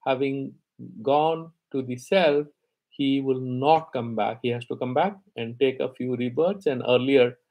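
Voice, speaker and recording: A man leads a live scripture class in a mid-pitched voice with a gravelly edge. He recites Sanskrit verses and then explains them in plain with animated emphasis. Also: measured pace, low-quality recording. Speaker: Vedanta teacher.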